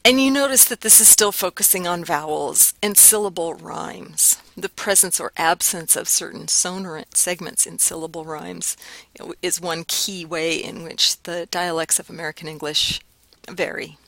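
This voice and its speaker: A woman giving a university lecture in a recorded class, explaining clearly and demonstrating different pronunciations aloud. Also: lowish voice, moderate pace, pushed and bright, no echo, low-quality recording. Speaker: linguistics lecturer.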